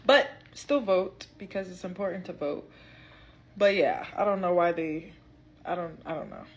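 A woman's voice: fairly low pitch, moderate pace, low-quality recording. Hesitant woman trailing off.

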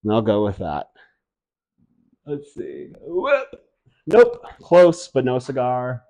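A man from upstate New York talks to his viewers in a relaxed, unhurried way as a plant hobbyist vlogger. He is playful and rambling, and he likes to poke fun at himself. His voice sits at an ordinary middle pitch. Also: gravelly. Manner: playful, self-mocking, rambling. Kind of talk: casual vlog chat. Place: indoors, home with high ceilings.

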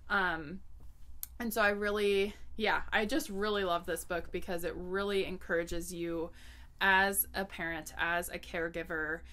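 A thoughtful woman talking slowly and deliberately in a relaxed podcast chat. Her voice is bright and clear, and she laughs easily. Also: fairly low pitch. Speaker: podcast co-host, nanny. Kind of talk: casual chat.

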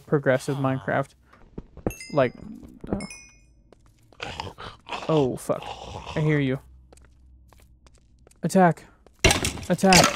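A man's voice: fairly high pitch, slight background noise. A man giving casual gameplay commentary, jittery and swearing as he talks to himself and the game. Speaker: gaming video creator.

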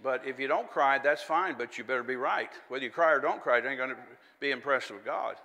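A man's voice: mid-range voice, brisk, pushed and bright, long reverb tail. A man preaching a sermon in a folksy, conversational way, with chatty asides and little laughs.

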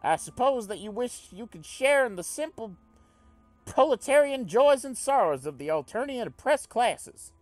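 Game figure: an upbeat male communist troll, loud and preachy, put on by a man reading. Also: very animated, normal speed, no echo, faint music behind. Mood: earnest. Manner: booming, earnest, speechifying. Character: cheery earnest communist male alien troll.

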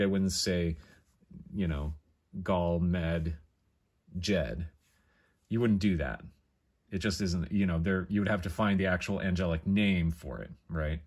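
A man teaching an alphabet in a casual, rambling way, pausing and correcting himself often as he thinks aloud. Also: low-pitched. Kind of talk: casual explanatory lesson.

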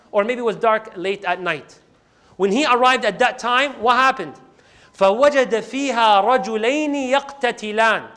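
A man giving a religious lecture as a story, animated, acting out quoted speech and putting questions to his audience. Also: high-pitched. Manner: animated, acts out quoted speech, recites scripture passages; asks the audience questions and answers them.

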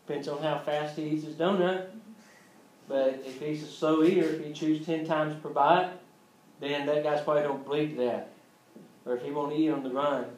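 A man's voice: on the high side, fairly even intonation, normal speed, darkish tone, reverberant, a little hiss or hum, rough recording. A man teaching an EMT class in a casual lecture style, joking and acting out scenes as he goes. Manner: joking, acts out scenes with voices. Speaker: EMT instructor.

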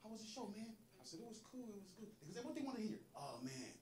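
A man's voice: sits high, very fast. A man doing a stand-up comedy set, acting out quotes and laughing often as he tells the story. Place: comedy club stage. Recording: echoey club with audience. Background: crowd laughing.

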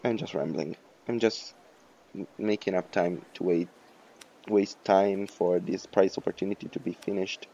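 Gravelly, rambling let's play guy. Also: low voice, steady tone, moderate pace, dark tone, muffled recording. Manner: rambling, profane, self-mocking. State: hoarse. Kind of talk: casual game commentary.

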